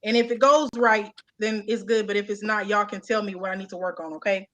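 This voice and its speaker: A young woman co-hosting a casual chat, animated and playful, laughing often. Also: mid-range voice, brisk. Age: young adult. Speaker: co-host.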